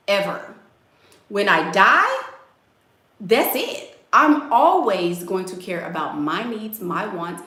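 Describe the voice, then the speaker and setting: A woman's voice: medium pitch, pushed and bright, roomy sound. A woman giving blunt, sassy dating advice while answering viewers in a casual live stream. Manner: blunt, sassy, emphatic, addresses viewers as y'all.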